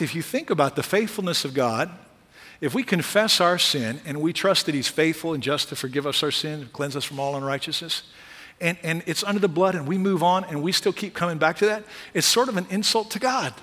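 A male pastor preaching a sermon, moving from quiet asides to loud, emphatic peaks. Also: high-pitched, brisk, in a large hall.

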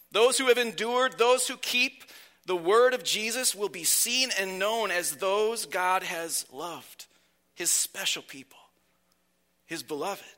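A male pastor delivers a sermon in a high, bright voice. He moves at a slow, deliberate pace, and his phrases trail off quietly.

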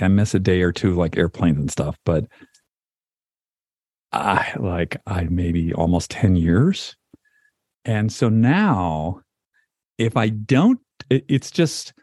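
A man's voice: fairly low pitch, darkish tone, no echo, studio quality. A man co-hosting a podcast in casual conversation, chatty and full of "like"s and restarts. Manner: chatty, many likes and restarts. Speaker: podcast co-host.

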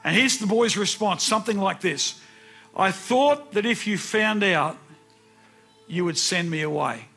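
A man's voice: high-pitched, lively intonation, unhurried, creaky, bright, forceful tone, breathy edge, soft background music. A man in his sixties preaching a sermon, telling personal stories earnestly and repeating words for emphasis. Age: 60s.

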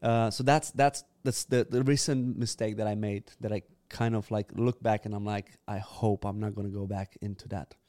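A man from Romania, a guest on a podcast interview, answering in a cheerful, reflective, halting way. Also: lowish voice, fairly even intonation, darkish tone, no echo. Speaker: guest, church leader.

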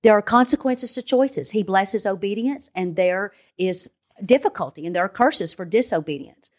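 A woman's voice: medium pitch, moderate pace. Earnest older woman teaching scripture. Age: older, a grandmother. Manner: earnest, emphatic, repeats phrases in lists. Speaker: guest Bible teacher. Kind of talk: devotional podcast interview.

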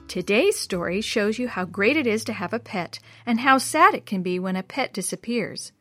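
A woman reading a chapter book aloud to children in an expressive storytelling voice. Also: mid-range voice, normal speed, few pauses, faint music behind.

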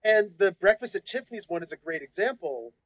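A high-pitched man co-hosting a podcast conversation, laying out his views in a patient, lecturing way. His voice sits well up in its range, and the recording is dry and close, with no room sound. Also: animated, fairly quick, no echo, lo-fi sound. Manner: explanatory, lecturing tone. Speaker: podcast co-host. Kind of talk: casual discussion.

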